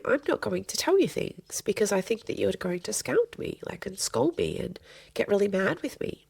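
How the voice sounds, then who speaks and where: A middle-aged woman counselor who is a guest on a podcast, speaking earnestly and gently and repeating phrases for emphasis. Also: medium pitch, big pitch swings, normal speed, vocal fry, husky, no room sound. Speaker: family and child counselor guest. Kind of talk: podcast interview conversation.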